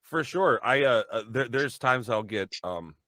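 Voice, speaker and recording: A voice actor chats casually and rambles, often restarting his sentences and laughing at himself. His mid-range voice has lively intonation, a pushed, bright quality, and a slightly slow pace, with no echo.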